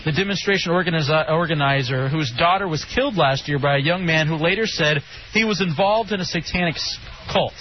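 A man hosting a casual radio talk show, joking and animated. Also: a little fast. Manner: animated, joking, jumping pitch. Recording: dull lo-fi broadcast with faint hiss.

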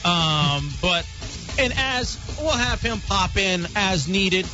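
A man's voice: sits high, lively intonation, slow pace, sharp tone. A man hosting a live radio talk show, teasing his co-host in a mock-arrogant, boastful way. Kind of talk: casual radio banter. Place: radio studio. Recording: dull lo-fi radio broadcast with faint music.

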